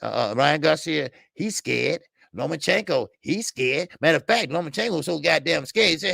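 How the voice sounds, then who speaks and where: Older male boxing host, gravelly, high-pitched, blunt and profane, rambling, dry close sound. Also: animated, moderate pace, fairly bright tone, no room sound. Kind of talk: casual live-stream commentary.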